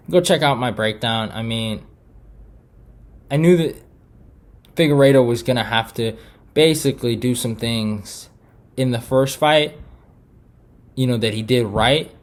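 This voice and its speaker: A young man from Eritrea hosting a casual fight recap, frustrated and animated, swearing often and restarting his sentences with lots of fillers. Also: mid-range voice. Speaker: MMA prediction channel host.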